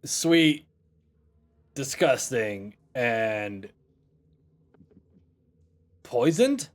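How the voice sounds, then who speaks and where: A man's voice: medium pitch, expressive, drawn-out words. A man voicing a grumpy, sarcastic male drow pirate who has just been woken up. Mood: suspicious. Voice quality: gruff, cursing, sarcastic. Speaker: game master voicing a character.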